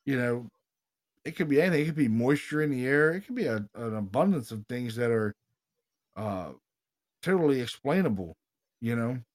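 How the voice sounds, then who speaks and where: A man with a medium-pitched voice hosts a paranormal podcast in loose, casual chat. He tells stories with rising excitement, swears freely and keeps saying "dude" and "you know what I mean.". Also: moderate pace, long pauses. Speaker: podcast host, paranormal investigator.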